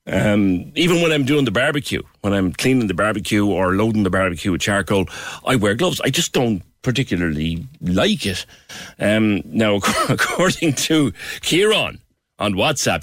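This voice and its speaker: Male radio host, lowish voice, lively pitch swings, chatty and wry, dry close mic. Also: no echo. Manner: chatty, self-mocking, halting restarts. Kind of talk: casual radio chat with listener messages.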